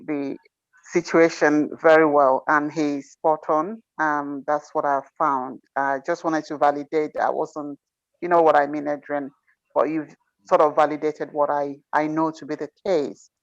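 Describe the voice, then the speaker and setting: A woman's voice: deep voice, steady tone, measured pace, no echo. A woman working as a consultant, speaking on a video call in a hesitant way with many fillers. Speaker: consultant asking a mentor. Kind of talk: group video call chat. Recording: dull, dry video call audio.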